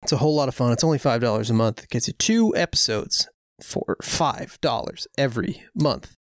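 Smooth-voiced joking podcast co-host man. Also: medium pitch, animated, a little fast, dry recording, clean studio sound. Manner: joking, rambling, self-mocking. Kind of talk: casual film-podcast banter.

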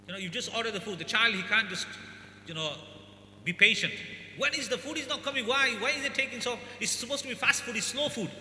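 A man's voice: high voice, sharp tone. A man giving an emphatic sermon to a congregation, repeating his points and acting out parents and children. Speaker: Islamic scholar giving a talk. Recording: echoey hall with faint hum.

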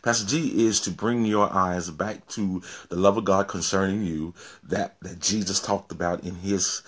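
A male pastor giving an informal sermon, often repeating words and restarting, then rising to emphatic peaks. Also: sits low.

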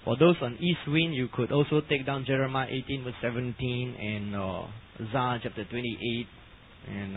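A man preaching a teaching sermon, slow and emphatic, his voice swelling loud on key phrases. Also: medium pitch, a little hiss or hum. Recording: lo-fi phone-like archive recording.

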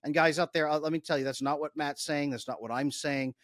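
A man's voice: fairly high pitch, steady tone, fairly quick, no echo, studio quality. A man coaching in a podcast discussion, explaining step by step in an emphatic, instructive way. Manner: emphatic, instructive, role-plays dialogue. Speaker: attachment coach.

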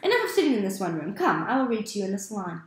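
A woman's voice: medium pitch, very animated, roomy sound, close to an everyday voice. Woman reading as a firm, scolding mother figure. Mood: lively. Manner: firm, measured and gently scolding. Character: stern but loving grandmotherly woman.

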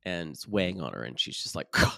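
Man, podcast co-host, animated chatty recap, lively pitch, dry sound. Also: quick pace, creaky, no echo. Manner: animated, laughs often, acts out quotes. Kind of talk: casual chat recapping reality TV.

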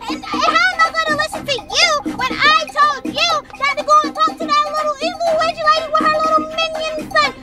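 A bossy little girl with a very high, piping voice, scolding and sassing nonstop, as a woman acts her out. She talks fast and full of attitude, and loud music plays throughout the recording. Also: little pitch movement. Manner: sassy, scolding, fast-talking. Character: bossy little sister, young girl, sassy. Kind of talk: comedy skit acting.

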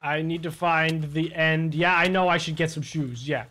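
A young man commentating a video game let's play in an excitable voice, jumping between loud outbursts and low mutters and complaining in a joking way. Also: normal speed. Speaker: gaming YouTuber.

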